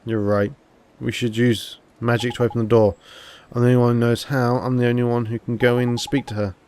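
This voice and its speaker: A man's voice: medium pitch, level tone, a little fast, darkish tone, clear, resonant tone, close to an everyday voice. A man doing an earnest young boy hero. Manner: earnest, determined.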